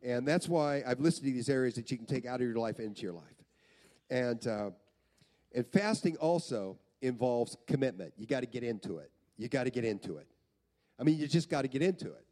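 A pastor preaching a sermon in a church, earnest, repeating phrases for emphasis. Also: male voice, mid-range voice, expressive, a little fast, warm tone.

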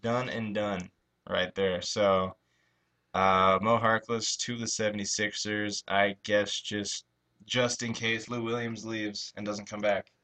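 A man co-hosting a casual sports radio show from a college station studio, jokey and quick to laugh. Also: lowish voice, little pitch movement, pushed and bright. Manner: jokey, laughs often, mock pleading bits.

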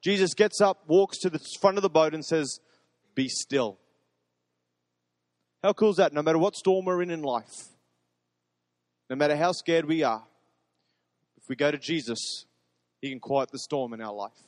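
A man's voice: a little high, moderate pace, pauses often, studio quality. Earnest man preaching, hall reverb. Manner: earnest, emphatic, repeats phrases for stress. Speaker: pastor. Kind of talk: sermon.

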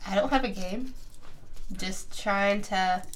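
A woman's voice: mid-range voice, slow, very noisy. A woman playing a tabletop game, talking in a playful, teasing way as she questions a prisoner. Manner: playful, teasing, laughs often. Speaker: player.

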